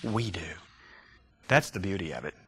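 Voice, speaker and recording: Animated man teaching a Bible class. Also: deep voice, moderate pace, slightly rough. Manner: animated, emphatic, joking with the class. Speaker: Sunday school teacher.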